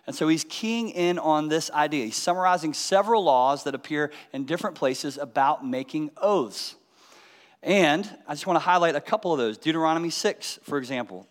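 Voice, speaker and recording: Male Bible teacher, slightly high voice, long hall reverb, explains and quizzes listeners. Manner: explanatory, asks the audience rhetorical questions. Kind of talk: teaching sermon.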